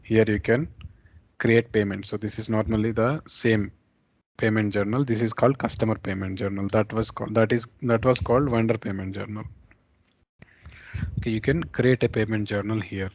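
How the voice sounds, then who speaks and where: Man, low and level, screen-share software tutor, explains patiently with restarts; muffled call audio. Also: steady tone, moderate pace, dry recording. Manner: explanatory, repeats terms, fillers and restarts. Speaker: software instructor.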